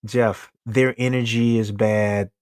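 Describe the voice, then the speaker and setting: A man's voice: lowish voice, level tone, slow, darkish tone, clean tone, no echo, studio quality. A man co-hosting a casual sports talk show, joking, teasing and laughing between points. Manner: laughing, playful trash talk.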